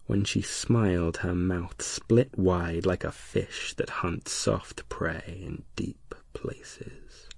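A man narrating an erotic audiobook in a slow, hushed, lingering delivery. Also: low-pitched, fairly even intonation, gravelly, breathy edge, no room sound, in a whisper.

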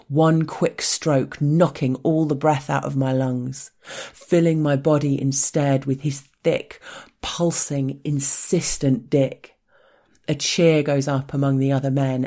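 A woman reading a first-person story in a hushed, intimate voice that often drops close to a whisper. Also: deep voice.

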